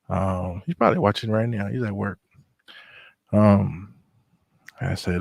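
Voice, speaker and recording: A middle-aged man telling personal stories in a relaxed, reflective way, with many fillers. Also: deep voice, a little slow, gravelly, slightly rough, dry recording. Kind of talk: casual storytelling chat.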